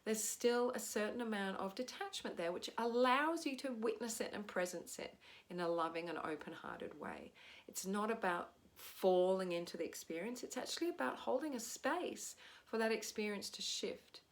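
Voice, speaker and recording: An Australian woman giving a soft, gentle spiritual talk as a teacher. She often checks in with "right?". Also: mid-range voice, lively intonation, normal speed.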